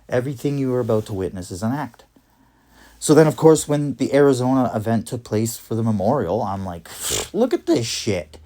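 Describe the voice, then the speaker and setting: A man rants straight to camera from a cold garage, fired up and swearing freely. His voice sits at a middling pitch, and his emphatic delivery keeps pushing each point harder. The rustle of his jacket brushes against the mic now and then. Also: a little fast, warm tone. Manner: agitated, profane, emphatic. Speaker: vlogger. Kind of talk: casual ranting monologue to camera. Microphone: jacket rustling near the mic.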